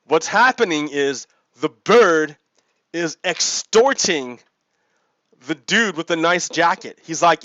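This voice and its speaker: A man's voice: on the high side, lively intonation, slow pace, a bit bright, no room sound. A man hosting a gaming video, reading out and explaining politics in a casual, chuckling way, often repeating himself. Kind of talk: casual commentary while playing a game. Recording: dry, dull lo-fi mic.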